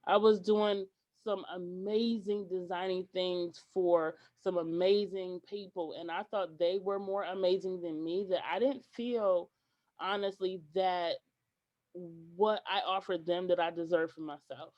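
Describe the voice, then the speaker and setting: A woman guest on a podcast, telling stories in an animated way and acting out what people said, with some hesitant restarts. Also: lowish voice, a little slow, highs cut off. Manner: animated, acts out quoted dialogue. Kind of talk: podcast interview storytelling.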